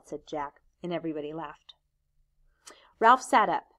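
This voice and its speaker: A woman teacher reading a novel aloud in a steady, measured narrating voice. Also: low-pitched.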